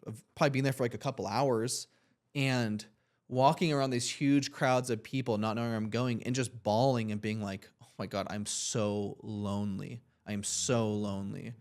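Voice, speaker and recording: A man's voice: mid-range voice, moderate pace. Rambling earnest young man telling a story. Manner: rambling, heavy use of "like", earnest and reflective. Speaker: podcast co-host. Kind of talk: casual storytelling.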